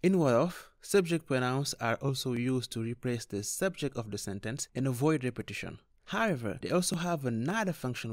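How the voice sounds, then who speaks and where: A man teaching a scripted beginner grammar lesson, explaining clearly and steadily with examples. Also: medium pitch, no room sound, studio quality. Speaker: language teacher.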